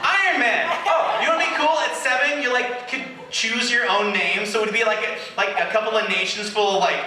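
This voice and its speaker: A spoken-word poet reading to a live audience, slow and deliberate in his poems, rambling and laughing in his banter. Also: high voice, pushed and bright. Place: indoor venue with live audience. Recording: echoey room, mic far off, faint noise.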